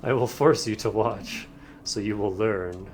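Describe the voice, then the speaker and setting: A man voicing a menacing male king villain in a game, speaking slowly and threateningly. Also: slight background noise, natural voice. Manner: slow, low, threatening.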